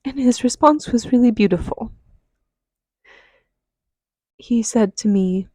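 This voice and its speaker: A woman telling a deeply personal story, halting and earnest, with sighs and restarts between phrases. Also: warm tone, no echo. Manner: earnest and confessional. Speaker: podcast host. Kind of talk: personal testimony.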